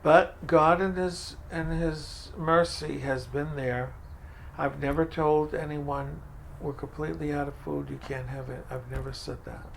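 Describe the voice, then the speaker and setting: A man's voice: a little high, fairly even intonation, a little slow, vocal fry, a little hiss or hum. Older man telling a faith story. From Franco-American, from Maine. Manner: storytelling, acts out dialogue. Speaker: food pantry director. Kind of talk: oral history interview.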